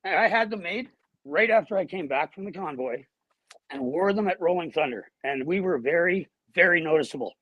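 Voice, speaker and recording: Casual: man on earbuds, swears a lot, bounces all over in pitch, kinda husky. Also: a little fast, highs cut off. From Canada. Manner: animated, blunt, swears freely. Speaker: guest. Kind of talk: emotional personal storytelling.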